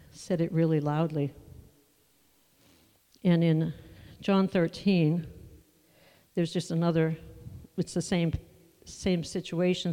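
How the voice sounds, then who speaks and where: A preacher delivers a sermon in a mellow, warm voice, talking through scripture in an easygoing, conversational way. The sound carries a long reverb, as if in a large hall. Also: medium pitch. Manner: conversational, unhurried Bible teaching with asides.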